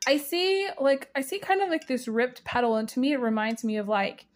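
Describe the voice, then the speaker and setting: A woman's voice: sits high, fairly quick. A woman giving a casual spiritual tea reading, rambling with many fillers and breaking into giggles. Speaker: tea leaf reader.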